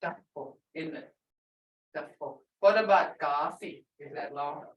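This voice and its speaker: A middle-aged woman teaching a live language lesson, repeating words slowly and patiently for her learners. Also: sits low, lo-fi sound, slight background noise. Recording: echoey room, far from the mic.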